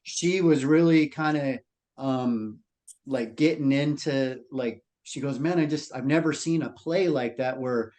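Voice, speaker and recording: Halting man reflecting on a trip. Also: mid-range voice, darkish tone. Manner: halting, many fillers and restarts. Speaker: mission trip member. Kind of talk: casual reflective chat.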